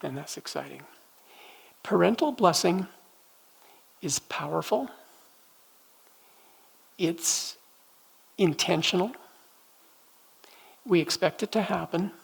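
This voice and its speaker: A man leading a church prophetic training night, telling personal stories in a gentle, conversational way with halting restarts. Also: high-pitched, lively intonation, creaky, slightly rough, poor audio. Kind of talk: teaching talk with personal storytelling. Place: church meeting room.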